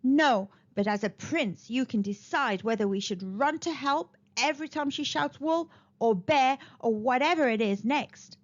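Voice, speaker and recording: A woman's voice: sits high, unhurried, few pauses. A woman voicing a flustered, stammering villager from the townsfolk in a storybook read-aloud. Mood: weary. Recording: slightly dull lo-fi recording.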